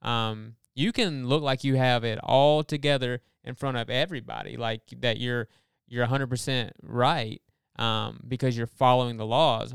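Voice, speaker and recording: A man talks through a Bible passage in a casual, earnest way, building his point and rushing through asides. His voice is very smooth and clear, and the recording is dry and close. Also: medium pitch, dry recording. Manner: earnest, explanatory, animated with quick asides. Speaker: podcast co-host. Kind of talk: casual Bible study discussion.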